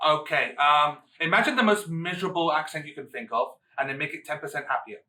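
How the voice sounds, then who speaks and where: A man's voice: on the high side, fast, pushed and bright, distant mic, low-quality recording. A man co-hosting a casual podcast, enthusiastic and gushing. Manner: enthusiastic, hesitant fillers then gushing. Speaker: co-host.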